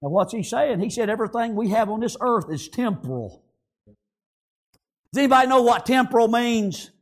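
A man preaching a sermon, fervent, dropping amen and praise God between phrases and swinging from low murmurs to shouted emphasis.

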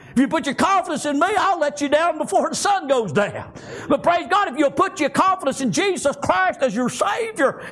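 High-voiced fervent man preaching a sermon. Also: a bit bright. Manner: fervent, with frequent amens and praise Gods.

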